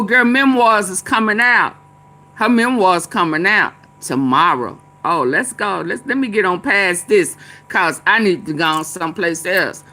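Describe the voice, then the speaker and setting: A woman's voice: a little high, bright, forceful tone. A woman vlogger giving casual, chatty political commentary, laughing often and chanting refrains.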